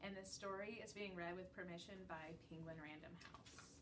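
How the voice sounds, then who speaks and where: A woman teacher gently reading a children's book chapter aloud to her class. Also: lowish voice, steady tone, normal speed. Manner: gentle, storytelling read-aloud. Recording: distant mic with faint background noise.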